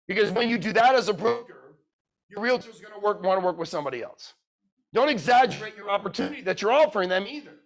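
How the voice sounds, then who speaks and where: A man with a high-pitched voice delivers a motivational speech to a room of listeners. He is blunt and profane and keeps firing questions at the crowd. He drops from loud urging into quiet, emotional storytelling. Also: animated, fast. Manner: blunt, swears freely, quizzes the audience. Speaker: keynote speaker. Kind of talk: motivational speech to a live audience.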